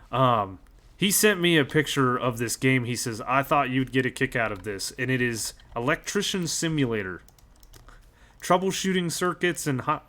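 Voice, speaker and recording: A man's voice: medium pitch, a bit bright. A man in his thirties chatting casually on a live stream, rambling and joking, chuckling as he goes and greeting viewers by name.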